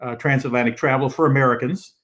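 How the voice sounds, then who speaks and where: An older man hosts a casual travel show from his living room over a video call. He rambles along in a mid-pitched voice, full of fillers and restarts. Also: fairly even intonation, fast, fairly bright tone. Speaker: host. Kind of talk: casual live-stream talk. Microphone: video call setup.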